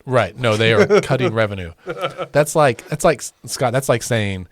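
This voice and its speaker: A man co-hosting a casual political podcast, reacting with disbelief and making his points with everyday examples. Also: mid-range voice. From Oklahoma. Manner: incredulous, lively, quick to exclaim. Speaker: podcast co-host.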